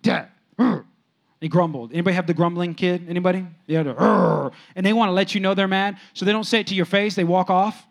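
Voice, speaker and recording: A man preaching a sermon with audience interaction, telling casual stories and swinging from soft, low asides to loud, excited peaks. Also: rapid-fire, few pauses. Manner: animated, jumps sharply higher and louder when excited, then drops soft; conversational, storytelling preacher with casual slang. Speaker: pastor.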